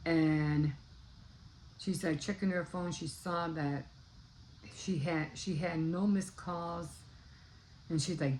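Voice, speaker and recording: A woman's voice: low voice, a little slow, creaky, darkish tone, slight background noise, rough recording. An older woman casually retelling a book's plot in a rambling way, often stopping to search for words. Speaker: book vlogger. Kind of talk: casual book recap.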